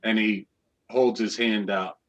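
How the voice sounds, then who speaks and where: A man narrating a tabletop fantasy game as game master, in a measured storytelling manner. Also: fairly low pitch, fairly even intonation, lo-fi sound.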